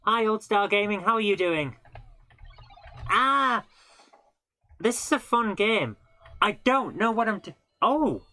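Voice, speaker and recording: Bright-voiced woman streaming a retro game. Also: mid-range voice, moderate pace. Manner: chatty, self-mocking, laughs often. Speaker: live-streaming game host. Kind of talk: casual live gameplay commentary.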